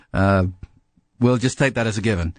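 A man's voice: on the low side, no room sound. A middle-aged man from England with an English accent touched by an American twang, preaching a sermon in a conversational, self-deprecating way. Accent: English with a slight American twang. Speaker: pastor.

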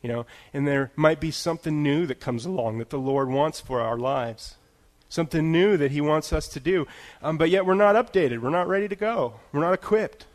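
A male pastor preaching in a relaxed, conversational style with a slightly higher-than-average voice. He peppers his talk with "you know" and laughs at himself, then slows into emphatic, lifted phrases for his main points. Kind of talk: sermon.

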